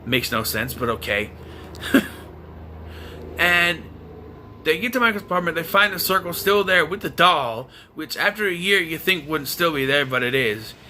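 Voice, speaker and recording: A young man hosts a casual movie review, sounding fed up and sarcastic as he picks the plot apart. His voice sits a little high and has a sharp, tense brightness, and his pitch swings widely. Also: lively intonation, moderate pace, a little hiss or hum. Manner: exasperated, sarcastic ranting.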